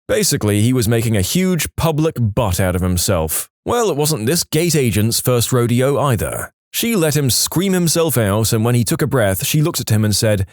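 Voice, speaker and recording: A man reads out online stories with a wry, sarcastic edge, his pitch swinging lively up and down. His voice sits at a middling pitch, and the recording is dry and close, with no room sound. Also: moderate pace, few pauses, no room sound. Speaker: story narrator. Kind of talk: scripted narration of online stories.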